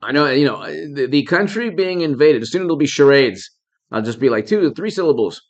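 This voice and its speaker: A man's voice: fairly high pitch, expressive, moderate pace. Man, commentary host, indignant, rhetorical questions, repeats himself, thanks viewers. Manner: thanks viewers by name while talking. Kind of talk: live-stream political commentary.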